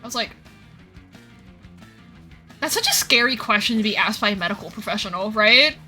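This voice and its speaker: A woman in her twenties chats casually while gaming on stream, with soft music in the background. Her medium-pitched voice is animated, pushed, and bright at a moderate pace; she tells stories, acts out the people she quotes, and sounds out of breath.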